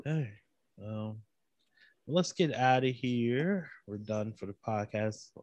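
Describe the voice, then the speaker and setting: A man's voice: medium pitch, expressive, slow, darkish tone, no room sound, highs cut off. A man hosting a podcast in casual chat, joking and teasing his co-host.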